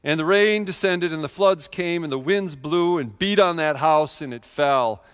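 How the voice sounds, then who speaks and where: A man in his thirties preaching a sermon in a church, telling a personal story with earnest feeling and swings from quiet to loud. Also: a little high, moderate pace, clear, resonant tone, in a large hall. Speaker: pastor.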